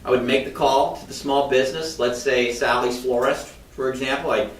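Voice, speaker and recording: A man's voice: flat delivery, normal speed, slight background noise. A man in casual podcast storytelling, a mortgage loan officer who acts out the voices he quotes. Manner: chatty, acts out quoted voices with shifting pitch. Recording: roomy, slightly distant mic.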